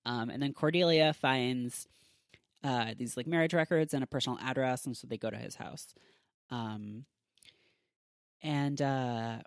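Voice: mid-range voice, no echo, clean studio sound. A podcast host giving a casual, chatty episode recap, full of filler words.

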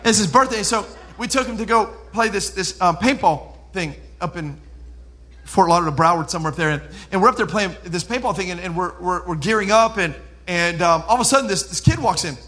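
A man. His voice sits very high and rings bright and forceful. He swings between loud preaching and hushed, chatty storytelling. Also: animated, fairly quick. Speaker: pastor. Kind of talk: sermon.

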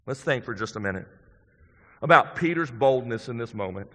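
A male pastor preaching a sermon in a church, earnest and conversational, building to emphatic points and dropping to quiet ones. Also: medium pitch, expressive, moderate pace. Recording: long hall reverb.

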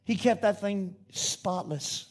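A man's voice: high voice, slow pace, soft background music. A middle-aged man preaching a sermon, telling a childhood story in a folksy way before building to fervent preaching. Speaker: pastor.

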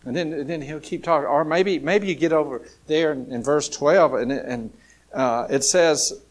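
Male pastor, higher register, folksy sermon delivery with rising emphatic peaks. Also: a little slow. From Alabama, USA. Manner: folksy, swings from soft asides to rising, emphatic calls.

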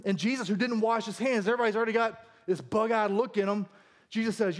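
High-voiced pastor preaching with humor. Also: male voice, fast talker. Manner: animated, humorous storytelling. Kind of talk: sermon.

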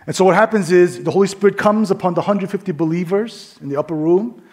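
A man's voice: high voice, fast talker. A male pastor preaching a sermon in a casual, conversational way, with many fillers, telling a story and acting out the voices in it. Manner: drops to a soft hush in prayer.

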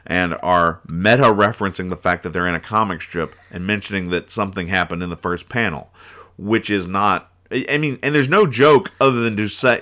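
Male podcast host, lowish and bright, sarcastic rambling comics reviewer. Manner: rambling, sarcastic, chuckling asides. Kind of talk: casual comedic comics review.

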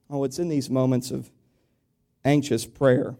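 A pastor delivers a sermon in a conversational way, posing rhetorical questions to his congregation, growing louder before sinking into a quiet, confiding tone. His voice is medium in pitch with little movement, and he speaks at a measured pace with long pauses.

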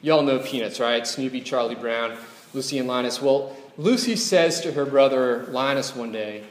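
A pastor with a mid-range voice preaches a sermon at a normal speed, keeping it conversational and frequently asking the congregation rhetorical questions. The sound echoes through a hall with long reverb.

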